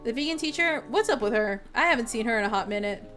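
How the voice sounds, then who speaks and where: A woman's voice: a little high, lively intonation, fast, fairly bright tone, faint music behind. A young woman streamer chatting casually with her viewers, rambling with lots of fillers and giggles. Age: young adult.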